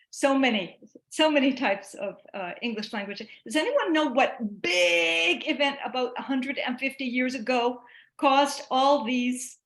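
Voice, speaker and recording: A woman giving a chatty online talk to teachers, animated and given to restarts. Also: high-pitched, roomy sound. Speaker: presenter.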